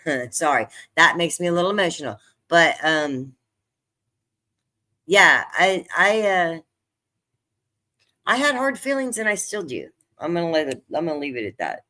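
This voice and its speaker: A woman's voice: lowish voice, big pitch swings, normal speed, pauses often, pushed and bright. An older woman chatting casually to viewers on her own livestream, talkative and easily moved, laughing often. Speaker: livestream host. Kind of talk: casual live-stream chat.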